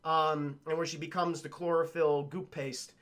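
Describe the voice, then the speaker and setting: A man's voice: fairly high pitch, little pitch movement, normal speed, fairly bright tone. A man reviewing a film on a livestream, rambling and swearing as he talks to his chat.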